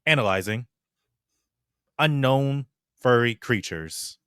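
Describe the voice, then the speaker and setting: A man voicing a clipped, emotionless robotic construct in a tabletop game, speaking in flat, machine-like reports. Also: medium pitch, takes it slowly, clear, resonant tone, no echo, clean studio sound. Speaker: player. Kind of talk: tabletop role-play.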